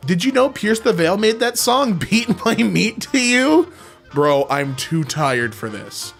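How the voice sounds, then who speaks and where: A man's voice: high voice, sing-song, slow pace, gravelly, fairly bright tone, faint music behind. A young man reading funny posts aloud and reacting with jokey, mock-confused commentary.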